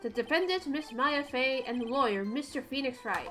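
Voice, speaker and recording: Woman doing a loud eager cop. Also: high voice, lively intonation, normal speed, soft background music. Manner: barks every sentence, ends with "sir". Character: loud eager male police detective.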